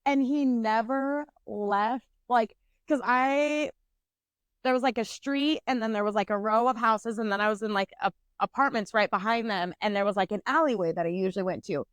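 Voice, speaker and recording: Podcast co-host, young woman, high pitch, profane and animated storyteller. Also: moderate pace, clear, resonant tone, dry recording. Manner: blunt, swears constantly, animated.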